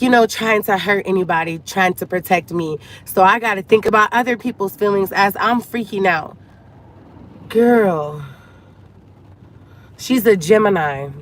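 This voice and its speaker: Near tears, a woman with Cuban family roots vents to her audience as if they were her girlfriends in an emotional storytime vlog. She has a lowish voice, and there's slight background noise.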